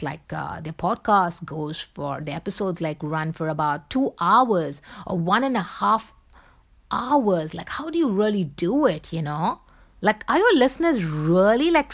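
A woman's voice: mid-range voice, a bit bright. A woman from India with a Bombay accent, talking on her solo podcast in an insistent, emphatic way, full of "you know" fillers. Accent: Bombay Indian English. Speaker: podcast host.

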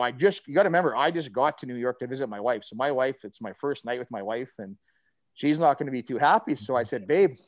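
A middle-aged man spins a long story in casual conversation, restarting sentences and piling on fillers. His voice sits at an ordinary pitch, recorded close and dry with no room around it. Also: dry recording. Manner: rambling, animated storyteller with many fillers and restarts. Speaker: former pro hockey player telling a story.

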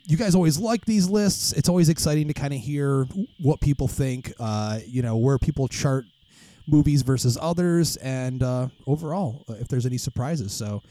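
Mellow-voiced man hosting a podcast. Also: mid-range voice, moderate pace, low-quality recording. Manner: loose and joking, swears, restarts a lot. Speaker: podcast host. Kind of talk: casual podcast chat.

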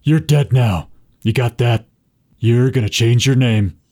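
A man voicing a tough, threatening woman mercenary in a tabletop game, with a gravelly, husky voice. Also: mid-range voice, a little slow, mellow. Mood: menacing.

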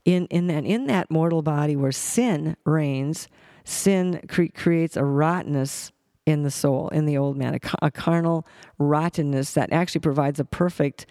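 Man, Bible teaching, gravelly voice, somewhat high pitch, halting restarts, dry close sound. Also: darkish tone, no echo. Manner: halting, with many restarts and fillers.

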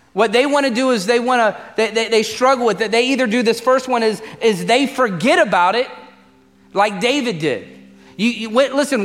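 High-pitched guy pastor giving a sermon, keeps repeating his lines, echoey church hall. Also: a bit bright. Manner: emphatic preaching with repeated refrains and direct questions to the congregation. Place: church auditorium.

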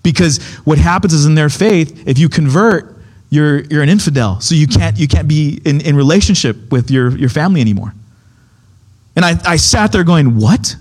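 Young man, high voice, casual preacher, acts out quotes in his story. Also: normal speed, darkish tone. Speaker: pastor. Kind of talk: sermon.

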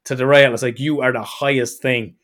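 A man's voice: medium pitch, steady tone, brisk, fairly bright tone. An Irish man in his thirties hosting a podcast, chatting casually and acting out quotes as he rambles through stories. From Ireland. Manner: rambling, with restarts and acted-out quotes. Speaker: podcast host. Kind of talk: casual chat.

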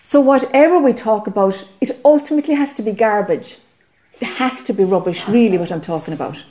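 A woman's voice: mid-range voice, fairly quick, warm tone. A woman with an Irish accent giving a spiritual teaching talk to a group, earnest and often checking whether listeners follow.

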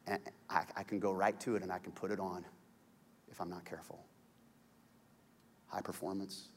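A man preaching a sermon as a pastor, conversational, stumbling over repeated words and building to loud emphasis. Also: deep voice, flat delivery, moderate pace, slight background noise. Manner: conversational, repeats words when searching, jokes and laughs, climbs to shouting. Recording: long hall reverb.

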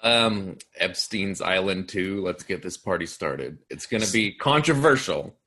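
A man's voice: low voice, expressive, measured pace, pushed and bright, slightly rough. A man in his twenties, a podcast guest chatting casually and joking with a laugh. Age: 20s. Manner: laid-back, laughing, joking. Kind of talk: casual chat.

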